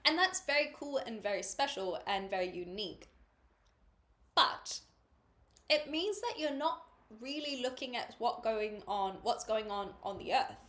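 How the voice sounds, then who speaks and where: A woman with a New Zealand accent talks to her livestream chat in a relaxed, meandering way. Her voice is bright and forward. Now and then she slips into deadpan sarcasm. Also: fairly high pitch, a little slow. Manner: chatty and meandering, dry sarcasm. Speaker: streamer. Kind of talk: casual livestream chat, reading chat aloud.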